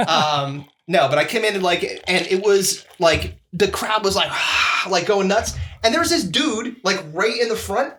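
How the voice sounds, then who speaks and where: A man's voice: sits high, moderate pace, hardly any pauses, background noise. A male podcast co-host in loose, profane conversation. He tells stories with energy and keeps slipping into other people's voices as he goes. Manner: animated, swearing, acting out voices in stories. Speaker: podcast co-host and comedy show host. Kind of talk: casual podcast chat.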